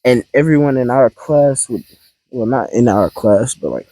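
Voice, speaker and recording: A man's voice: mid-range voice, lively intonation, moderate pace, dark tone, no room sound, poor audio. A man casually improvising a fan-fiction story, rambling and hesitant with many ums and restarts.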